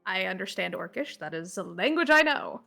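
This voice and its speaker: A woman playing in a tabletop game, talking slowly and expressively. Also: mid-range voice, big pitch swings, vocal fry, bright, forceful tone, faint music behind. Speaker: player. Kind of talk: tabletop role-play chat.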